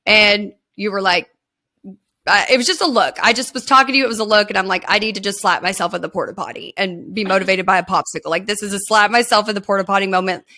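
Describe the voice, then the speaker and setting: A woman's voice: medium pitch, fairly even intonation, quick pace, sharp tone. A woman hosting a podcast, chatting casually and enthusiastically with her guest and swearing now and then. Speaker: podcast host. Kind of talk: casual interview chat.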